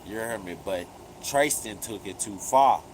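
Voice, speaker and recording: A man hosts a live commentary stream. He talks slowly in a low voice, retelling events with emphatic, profane street slang. A steady air-conditioning hum and noise sit clearly behind him. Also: low-quality recording. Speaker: livestream commentary host.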